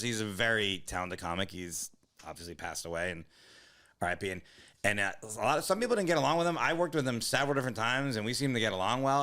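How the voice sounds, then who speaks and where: A man's voice: mid-range voice, pushed and bright. A man co-hosting a comedy podcast, telling long rambling profane stories in casual chat. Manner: rambling, profane, quick storytelling.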